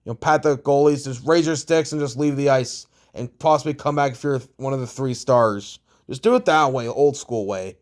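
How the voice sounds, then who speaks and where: A man's voice: mid-range voice, moderate pace, few pauses. A young man from Canada giving blunt, profane hockey opinions in a casual, rambling rant full of restarts. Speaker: hockey vlogger.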